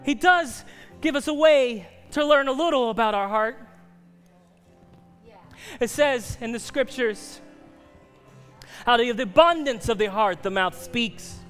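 A male pastor with a very high voice gives an earnest, pleading altar call. He sometimes drops to hushed near-whispers, and soft instrumental music plays faintly behind him. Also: a little slow, long pauses, long reverb tail.

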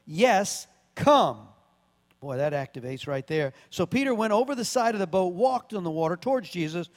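Male pastor, high voice, conversational sermon with sudden emphatic bursts, long hall reverb. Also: animated, fast, darkish tone. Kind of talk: sermon with scripture reading.

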